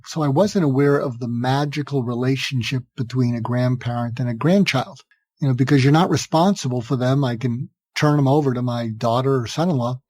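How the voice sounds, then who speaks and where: The same older man, a psychiatrist guest on a podcast, talks briskly in a mid-range, slightly mellow voice with no echo. Earnest and conversational, he keeps restarting phrases and acts out sample dialogue while advising.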